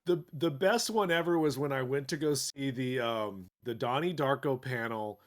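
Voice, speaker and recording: A man's voice: medium pitch, moderate pace. A man co-hosting a casual podcast over a call, telling stories in a laid-back way and laughing often. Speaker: podcast co-host. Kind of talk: casual chat. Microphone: remote call.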